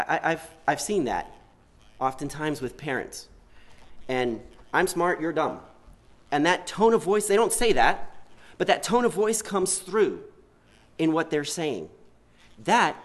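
A man delivering a sermon, his voice sitting a bit high and swinging widely up and down. He talks earnestly and keeps putting rhetorical questions to his listeners. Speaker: preacher.

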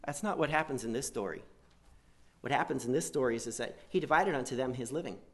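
A man preaching a sermon, swinging between loud emphatic lines and quiet asides, and acting out quoted prayers. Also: medium pitch, fast talker. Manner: acts out quoted prayers in a pleading voice.

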